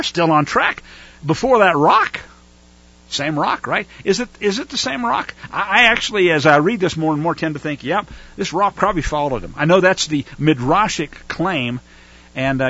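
Animated, bright-voiced man teaching scripture. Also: a little high, brisk, husky, lo-fi sound. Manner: animated, acts out whining voices. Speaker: Torah teacher. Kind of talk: casual Bible study teaching.

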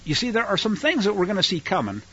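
A man's voice: high voice, big pitch swings, fast talker, pushed and bright, slightly rough. A man teaching the Bible on the radio, reading scripture and breaking in with folksy, sarcastic asides. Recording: dull lo-fi radio broadcast.

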